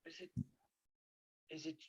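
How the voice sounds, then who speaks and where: A man's voice: unhurried, dull audio. A man co-hosting a casual chat, tossing in dry one-liners and hesitant guesses. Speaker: co-host. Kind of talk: casual banter.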